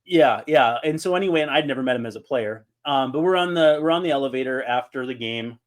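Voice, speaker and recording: Fast-talking and mid-range in pitch, this man co-hosts a casual podcast conversation. He spins animated stories, acting out the quotes as he goes.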